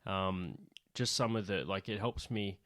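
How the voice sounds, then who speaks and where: A man with a fairly low voice hosts a comedy podcast in easy, rambling chat. He restarts and corrects himself often, and his level dips as he drifts away from the mic. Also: unhurried, a bit bright. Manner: rambling, filler-heavy, self-correcting. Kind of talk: casual chat. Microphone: moves on and off the mic.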